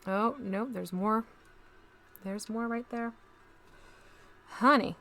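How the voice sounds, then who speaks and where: A woman's voice: fairly high pitch, takes it slowly, fairly bright tone, faint music behind. A woman hosting a casual live stream, chatting to viewers as she paints miniatures and talks through each step.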